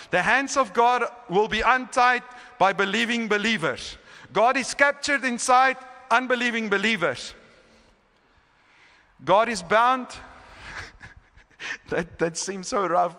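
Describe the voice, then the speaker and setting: A man with a high, bright voice preaches a sermon on healing with earnest emphasis and frequent restarts. The sound rings with the long reverb of a church hall. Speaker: healing school teacher. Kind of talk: sermon teaching. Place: church sanctuary.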